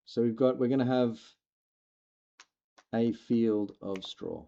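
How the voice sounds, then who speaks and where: Male streamer, relaxed and rambling, raspy gravel in the voice, slightly muffled lo-fi mic. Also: mid-range voice, slow pace. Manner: laid-back, rambling, joking. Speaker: livestreamer playing a farming game. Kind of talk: casual gameplay chat with viewers.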